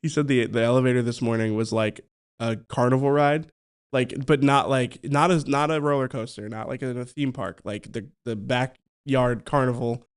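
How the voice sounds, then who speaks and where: A man with a mid-pitched voice co-hosts a casual sports podcast. He teases his partner playfully and often breaks into laughter. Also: fairly even intonation, moderate pace, smooth. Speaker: podcast co-host.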